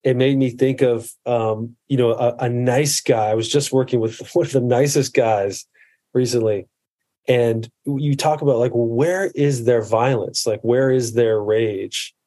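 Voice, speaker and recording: Podcast guest, man in his thirties; warm, dark tone, earnest and reflective delivery. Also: medium pitch, steady tone, measured pace. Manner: earnest, reflective, restarts often. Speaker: podcast guest, medical provider. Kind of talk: casual conversation.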